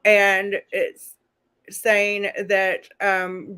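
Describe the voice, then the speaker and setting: A woman's voice: mid-range voice, fairly even intonation, slow, fairly bright tone. A woman hosting a casual live recap, chatting and reading out letters as she goes. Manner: chatty, reads letters aloud. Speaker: host.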